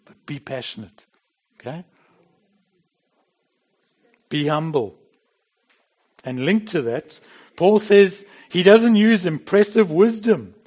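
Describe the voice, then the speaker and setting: A man's voice: high-pitched, lively intonation, slow pace, long pauses, a little mellow, slightly rough. A middle-aged man preaching a sermon in a plain, conversational way, with bursts of emphasis. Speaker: pastor.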